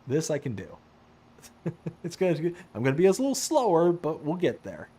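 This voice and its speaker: A man with a slightly high, husky voice talks at a moderate pace while live-streaming a farming game. He's animated and laughs a lot, chatting casually with viewers and replying to their messages.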